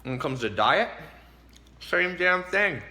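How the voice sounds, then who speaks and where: A man's voice: high-pitched, big pitch swings, slow pace, sharp tone. A man giving casual motivational advice straight to the camera, emphatic and preachy, chuckling between points and eating as he talks. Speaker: vlogger giving life advice.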